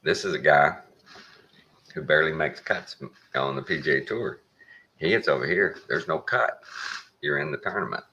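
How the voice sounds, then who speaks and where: A Texan man talking straight to the listener in a folksy, wry monologue. His voice sits extremely low and grinds with gravel. It still comes through with a bright, forceful edge. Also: moderate pace, long pauses, lo-fi sound, slight background noise. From Texas. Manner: folksy, plain-spoken, wry. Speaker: show host. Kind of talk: casual opinion monologue.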